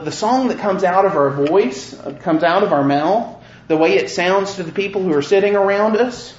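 Preacher, male, high voice, slow and earnest, rhetorical questions, roomy dull recording. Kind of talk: sermon.

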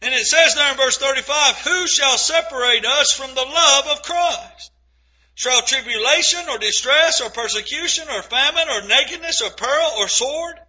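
Male preacher, very high bright voice, emphatic sermon delivery, dull lo-fi recording. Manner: earnest, emphatic preaching with slow stressed phrases and scripture readings.

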